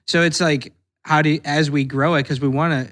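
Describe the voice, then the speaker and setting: A man's voice: on the high side, steady tone, a little fast, fairly bright tone. A man co-hosting an interview show, chatting casually and swearing now and then. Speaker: podcast co-host.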